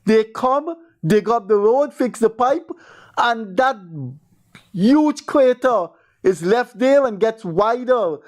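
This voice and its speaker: High-voiced Guyanese radio host. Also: male voice, a little mellow. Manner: exasperated, rambling commentary. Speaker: call-in show host. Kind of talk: call-in radio talk.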